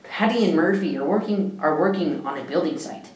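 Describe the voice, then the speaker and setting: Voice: medium pitch, animated, a little fast, a little mellow, reverberant, distant mic, low-quality recording. A person reading a countdown of jokes aloud, often stumbling and restarting mid-sentence. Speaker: joke reader.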